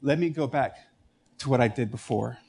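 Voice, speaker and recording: A male pastor preaching a sermon, telling stories and acting out quoted lines with lively shifts in pitch. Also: normal speed, creaky, breathy edge.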